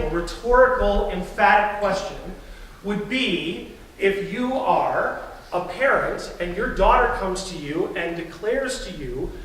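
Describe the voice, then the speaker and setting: A pastor with a high, fairly bright voice preaches a sermon in a church sanctuary, telling stories conversationally. The distant mic picks up a very echoey room and slight background noise.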